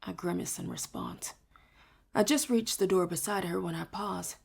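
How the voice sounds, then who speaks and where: Woman reading a book out loud, low husky voice, a bit gravelly, hushed. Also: moderate pace. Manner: soft, hushed reading, often near a whisper. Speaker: audiobook reader. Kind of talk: first-person audiobook narration.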